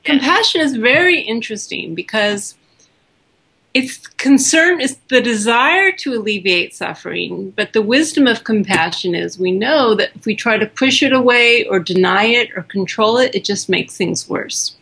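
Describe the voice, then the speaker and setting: Woman, interview guest, calm gentle explainer, higher pitch, husky breathy tone. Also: normal speed. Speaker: guest expert on self-compassion.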